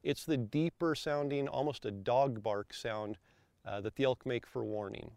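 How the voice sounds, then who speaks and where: A man calmly explaining elk calls step by step, as an instructor. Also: medium pitch, a little slow, gravelly, clear, resonant tone, dry recording. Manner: calm, methodical, explains step by step.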